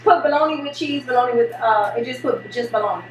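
A middle-aged woman and mother, hosting a home vlog, telling a story in an animated, excitable way. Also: a little high, fast talker, reverberant, distant mic, dull audio, slight background noise. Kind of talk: casual storytelling. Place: home kitchen.

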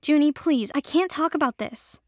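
A woman's voice: sits high, moderate pace, no echo, studio quality, voice pushed up, natural voice. A woman voicing a heartbroken young woman rejected by her mate, pleading and tearful, in an audio drama. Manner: tearful, pleading, hushed at times.

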